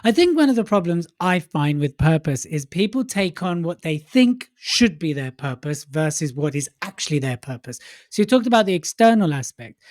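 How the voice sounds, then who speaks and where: A man co-hosting a podcast in casual chat, playful, tossing in quick asides. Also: on the high side, sing-song, no echo. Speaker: podcast co-host.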